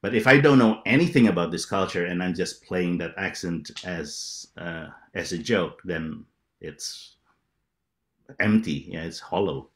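Earnest man with a very low voice, halting speech on an improv panel. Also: a bit bright. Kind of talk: panel discussion.

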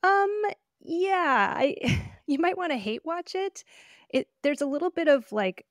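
A woman's voice: high voice, sing-song, unhurried, no room sound, clean studio sound. A woman co-hosting a wine podcast, chatting in an opinionated, casual way with frequent fillers and laughs. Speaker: podcast co-host. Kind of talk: casual chat. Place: living in Oregon.

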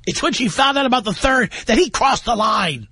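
A man's voice: very high voice, animated, fairly quick, bright, forceful tone, slightly rough, dry recording, clean studio sound. A male radio talk show host taking calls, blunt and sarcastic, firing off pointed questions.

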